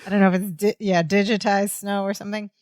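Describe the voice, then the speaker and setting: A woman's voice: medium pitch, fast talker, no room sound, clean studio sound. A young adult woman from the Chicago area co-hosting a podcast, recapping a sitcom episode in casual chat and acting out the characters' lines as she goes. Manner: animated, acts out characters' lines while retelling scenes. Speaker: podcast co-host.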